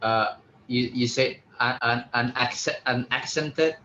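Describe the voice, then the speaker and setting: A man's voice: medium pitch, steady tone, unhurried, sharp tone. Hesitant male student on a dull, echoey line. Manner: hesitant, repeats words back.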